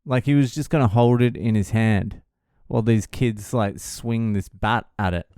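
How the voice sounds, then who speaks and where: A sardonic man in his thirties, swearing freely as he tells a story in a casual monologue. His voice is smooth and resonant, recorded close and dry with no room sound. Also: lowish voice, normal speed, warm tone, no echo. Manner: profane, sardonic, exasperated. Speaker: vlogger.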